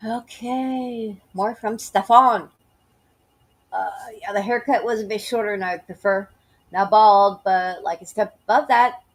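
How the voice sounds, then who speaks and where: A YouTuber with a light Southern US accent reads emails aloud, cutting in with blunt, sarcastic, mocking remarks. Her voice sits in the middle range and she keeps a measured pace.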